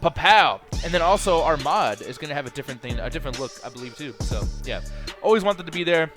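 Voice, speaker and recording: A young man streaming, chatting loosely with his viewers in slangy, sing-song talk, his throat a bit rough. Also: on the high side, lively intonation, quick pace, over music. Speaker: streamer host. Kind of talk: casual live-stream chat.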